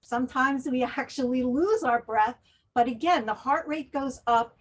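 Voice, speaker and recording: Female wellness presenter, slightly high voice, calm instructive delivery, guides breathing and laughter drills. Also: normal speed. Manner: leads breathing and forced laughter exercises.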